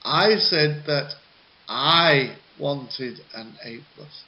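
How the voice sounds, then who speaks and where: A man's voice: a little high, drawn-out words, pushed and bright, exaggerated voice. A man playing a student who keeps insisting on a better grade, repeating himself. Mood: insistent. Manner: insistent, repetitive. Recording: slightly muffled with faint hiss.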